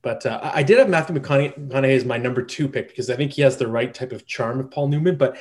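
Man hosting a relaxed podcast quiz. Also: medium pitch. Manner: quizzing his co-hosts with quick questions. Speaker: podcast host. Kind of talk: casual chat.

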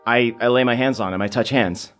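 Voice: medium pitch, brisk, faint music behind. A player in a tabletop game who speaks expressively and dramatically in character. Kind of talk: casual tabletop game play.

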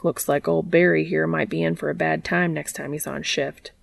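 A woman voicing a gruff, blunt adult male ghost hunter in a read-aloud story. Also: sits low, little pitch movement, normal speed. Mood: wry. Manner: blunt, wry.

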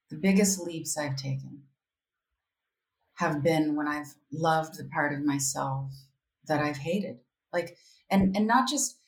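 A woman talking as a podcast guest, candid and reflective, often quoting her own inner voice. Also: deep voice. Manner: candid, reflective, animated, with quoted self-talk. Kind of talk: casual interview conversation. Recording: roomy echo.

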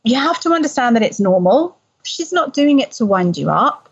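Husky-voiced woman explaining gently. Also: a little high, normal speed. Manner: calm, gentle, soothing when voicing a parent. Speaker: parenting expert guest. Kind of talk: explaining parenting advice in conversation. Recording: slightly dull lo-fi sound.

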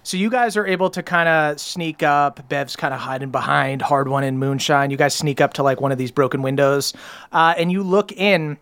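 A man's voice: fairly high pitch, moderate pace, fairly bright tone, clean tone. A man running a tabletop game as game master, describing scenes in a loose, rambling way.

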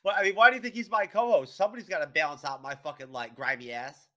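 A New York man co-hosts a podcast, recapping an episode in a casual, rambling, profane way packed with "you know" and "um". His voice is a little high, steady and sharp, and he talks fast.

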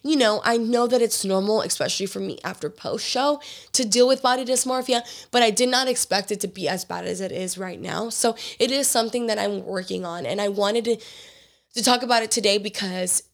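A woman with a raspy, hoarse voice worn down by illness hosts her own podcast. She speaks earnestly and openly in a loose, chatty way, leaning on casual fillers as she talks straight to her listeners. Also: mid-range voice, a little fast. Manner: earnest and open, lots of "like" fillers. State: hoarse from being sick. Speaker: podcast host. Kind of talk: casual solo podcast talk.

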